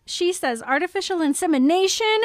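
A woman's voice: very high-pitched, animated, a little fast, dry recording, studio quality. A woman on a podcast laughing and giving playfully indignant commentary in a casual chat.

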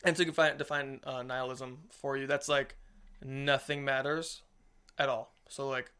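Medium-pitched and clean-toned, this man speaks at a moderate pace as co-host of a casual Christian discussion podcast. He rambles animatedly, acting out little quoted voices as he goes.

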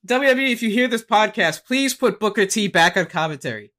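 High bright-voiced guy chatting on a podcast, laughs a lot, acts stuff out. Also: brisk, hardly any pauses. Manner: animated, laughs often, acts out quotes. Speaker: podcast host. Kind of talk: casual podcast chat.

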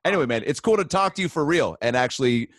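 A man's voice: on the high side, lively intonation, fast talker, fairly bright tone, dry recording, studio quality. A man talking as a guest on a podcast in laid-back casual chat, laughing easily and calling people man and dude. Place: remote video call.

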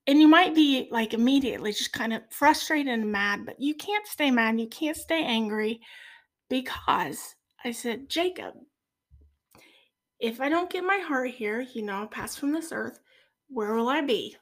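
A middle-aged woman speaking as a podcast guest in a heartfelt faith conversation, earnest and soft-spoken. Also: high-pitched, expressive, unhurried.

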